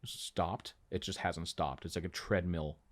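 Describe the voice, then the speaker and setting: A man on a podcast telling stories from his acting work in a casual, animated way, acting out other people's lines as he goes. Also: low voice, a little slow. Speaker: podcast guest, actor. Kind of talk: casual storytelling chat. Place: small podcast room.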